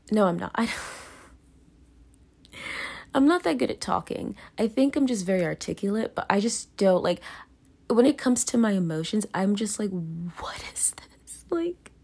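A woman's voice: medium pitch, animated, moderate pace, creaky, pauses often, darkish tone, slightly rough. A young woman hosting her own podcast, talking through her feelings in a rambling, self-conscious way full of fillers and restarts. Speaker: podcast host. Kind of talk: casual confessional monologue.

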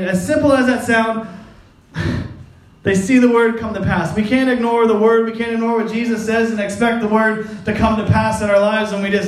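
A man with a high-pitched voice preaching a sermon in a casual, joking tone, often laughing and slipping into quick voices for the people he talks about. His voice rings around a roomy, echoing space. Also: steady tone. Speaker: pastor.

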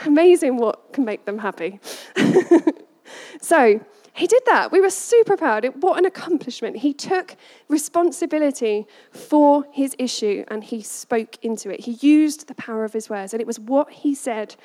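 A woman shares a family story in a lively storytelling talk, often laughing and slipping into quoted voices. Her voice sits high. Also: moderate pace. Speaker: parent giving a message.

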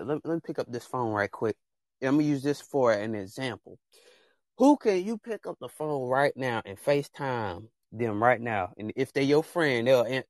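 A man's voice: medium pitch, no echo. Fired-up young man giving advice. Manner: passionate, rambling, talks straight to viewers. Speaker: podcast host. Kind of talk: casual chat, preachy advice.

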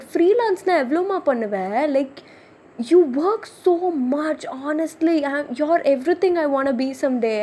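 A woman's voice: high-pitched, warm tone. A young woman, playful and rambling, recording a birthday voice message for a friend.

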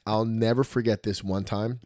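A man's voice: fairly low pitch, moderate pace, no echo, clean studio sound. A man from New Jersey hosting a podcast in casual chat, telling stories and acting out what people said, with some swearing. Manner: animated storyteller, acts out quotes, swears. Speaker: podcast host.

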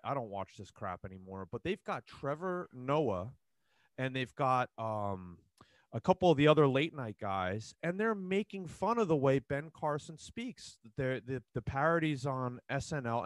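A man's voice: medium pitch, no echo. Rambling man, dry podcast host voice. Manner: rambling, animated, with frequent restarts. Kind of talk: casual podcast chat.

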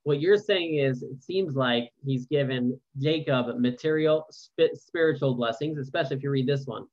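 A man's voice: mid-range voice, normal speed, darkish tone, dull audio. A man teaching a Torah class over a video call, reading verses aloud and then asking questions in a casual, conversational way. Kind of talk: online Bible class with casual commentary.

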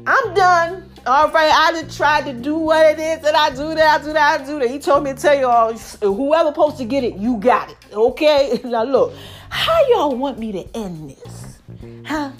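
A woman giving an animated faith-based pep talk to her viewers, preachy and chatty, calling them y'all. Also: high voice, moderate pace, soft background music. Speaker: vlogger.

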